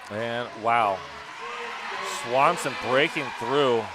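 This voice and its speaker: A man's voice: mid-range voice, extremely slow, very noisy. A man doing color commentary at a live game, casual and enthusiastic.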